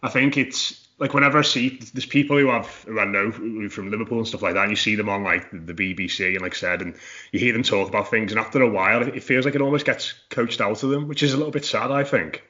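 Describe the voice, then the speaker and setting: Bright-voiced man hosting a podcast. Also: fairly low pitch, quick pace. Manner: easygoing, repeats words when starting. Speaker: podcast host. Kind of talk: casual podcast chat. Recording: dull lo-fi audio.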